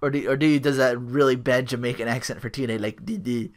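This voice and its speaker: A man's voice: mid-range voice, quick pace. A man hosting a solo podcast, recapping a wrestling show in a rambling way full of likes and restarts. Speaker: podcast host.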